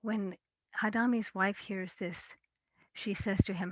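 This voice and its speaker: A woman storyteller telling a folktale in a measured, deliberate way. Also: mid-range voice, fairly even intonation, dry recording.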